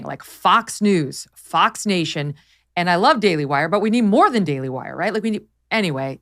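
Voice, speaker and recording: A woman hosting a podcast, talking in a casual, opinionated and emphatic way with quick bursts of laughter, into a studio mic. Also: fairly low pitch. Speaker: podcast host.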